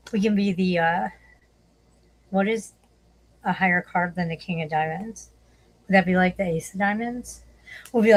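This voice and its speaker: A woman's voice: on the low side, poor audio. A woman hosting a livestream, chatting casually, swearing often and laughing as she talks. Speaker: livestream host.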